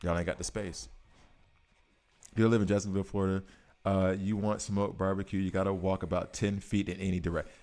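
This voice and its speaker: A man in his thirties offers casual live-stream commentary on a mobile game, trading jokes with chat. He talks fairly quickly in a low, level, slightly mellow voice.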